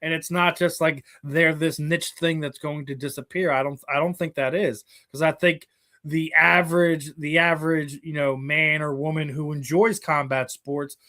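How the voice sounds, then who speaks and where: A man's voice: a little high, level tone, normal speed, sharp tone. A man hosting a casual sports interview, making long, winding, opinionated points. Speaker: interview host.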